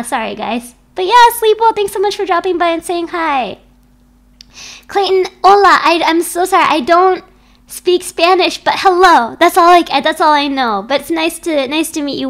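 A woman's voice: sits high, fairly bright tone. A young woman streaming from home into a desk microphone, chatting casually and playfully with her viewers, often giggling.

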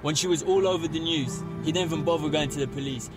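A man's voice: a little high, fast talker, music in the background, lightly acted. A man playing a blunt, hot-headed young man who swears a lot. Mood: insistent. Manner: blunt, sweary, tense and stubborn. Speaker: actor in showreel scenes. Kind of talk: naturalistic screen acting.

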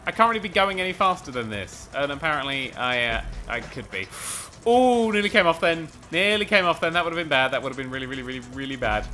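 Brief: male let's-player, animated delivery, slightly high voice, out of breath and cursing at rivals. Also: fast, soft background music. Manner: excitable, sweary, rambling and self-mocking. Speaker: gaming commentator. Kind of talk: let's play commentary.

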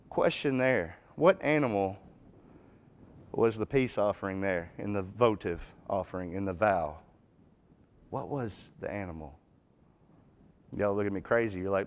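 A man's voice: on the low side, a little slow, long pauses. A man preaching a folksy, emphatic Bible class sermon in a church, rising in force when he reads scripture. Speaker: guest preacher. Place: church auditorium.

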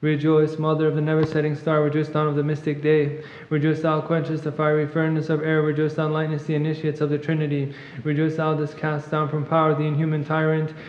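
Male reader, rapid monotone liturgical recitation; muffled, long church reverb. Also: a little high. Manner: fast monotone recitation, clears throat at times. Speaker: reader at a monastery service. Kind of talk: rapid liturgical chant reading.

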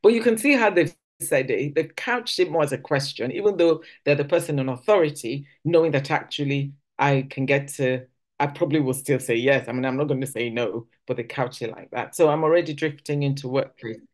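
A woman's voice: very deep voice, brisk. Woman teaching at a church. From Nigeria. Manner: conversational, restarts sentences, acts out quoted speech. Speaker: church speaker. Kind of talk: practical teaching talk at a church service. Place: church service hall.

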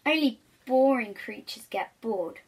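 A woman voicing a timid but stubborn little cave creature in a storybook reading, with a high, polite way of refusing. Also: lively intonation, a little slow, breathy edge. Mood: politely stubborn.

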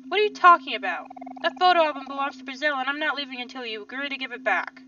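A woman's voice: fairly high pitch, animated, brisk, slight background noise. A woman doing a stubborn, earnest teen boy. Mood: confrontational. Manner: pleading, confrontational, loud. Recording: slightly distant, dull lo-fi mic.

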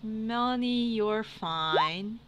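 A woman's voice: on the high side, drawn-out words, a bit bright, highs cut off. A woman running a tabletop game as game master, giggly and hesitant, with many fillers.

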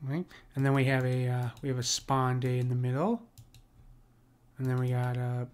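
A man's voice: mid-range voice, flat delivery, a little mellow. Casual man teaching meter, asking "right?". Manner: conversational, checks in with "right?" often; slows down to read verse lines aloud. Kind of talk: casual screen lesson on poetic meter.

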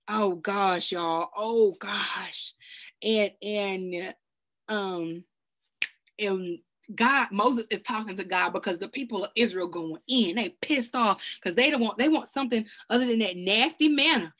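A woman with a high, bright voice teaches scripture in a casual way, talking straight to her viewers. She is excitable and full of slang, and she keeps wandering off topic before pulling herself back. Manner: excitable, colloquial, sidetracked, slang-heavy. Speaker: Bible study teacher. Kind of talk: casual preaching to camera. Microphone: self-recorded video.

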